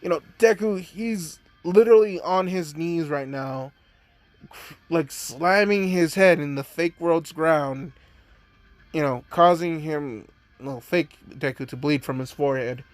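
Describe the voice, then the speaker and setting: A man's voice: a little high, a little slow, dry recording, faint music behind. Rambling male storyteller, "you know". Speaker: fan story narrator. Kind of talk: casual improvised storytelling.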